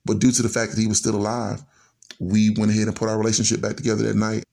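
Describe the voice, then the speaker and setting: A man's voice: lowish voice, monotone, quick pace, vocal fry, mellow. A man in his forties earnestly telling a personal story in a conversational way, acting out bits of dialogue. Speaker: guest storyteller.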